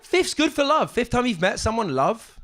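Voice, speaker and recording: A young man doing a stand-up set on a club stage, with a halting deadpan delivery full of ums and restarts. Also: very high voice. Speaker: stand-up comedian. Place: comedy club stage with audience. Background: audience laughter.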